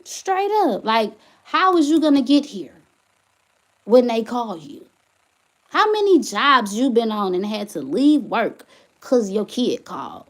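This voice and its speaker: Young woman, livestream vent on a phone, indignant, climbs loud, high voice, lively swings. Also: unhurried. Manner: indignant, rising into loud complaints. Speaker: vlogger, single mother. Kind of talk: livestream rant to chat.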